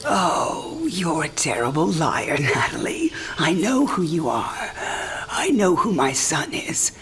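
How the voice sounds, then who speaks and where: An actress playing a frank, tender mother in her sixties who is dying, speaking in a breathy half-whisper in a game cinematic. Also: sits low, sing-song, slow, a bit bright, slight background noise, exaggerated voice. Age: 60s. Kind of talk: video game cinematic acting.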